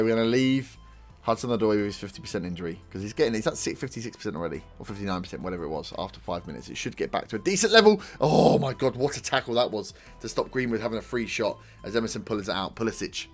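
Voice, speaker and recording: A young man with a lowish voice commentates his own football management game in a casual let's-play style. He jumps between calm muttering and excited shouts, talking straight to the players on screen. Faint music plays behind him. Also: fast talker. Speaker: gaming YouTuber.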